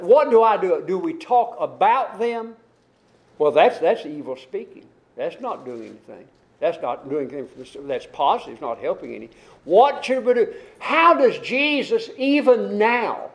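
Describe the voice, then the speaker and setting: Earnest high-voiced male preacher. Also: poor audio. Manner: earnest, scripture-quoting, rising and falling emphasis. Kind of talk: sermon.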